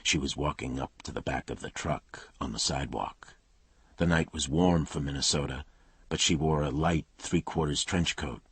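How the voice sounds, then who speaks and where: A man's voice: rumbling low, moderate pace, slightly rough, no room sound. A man narrating a crime thriller audiobook in a clipped, tense style.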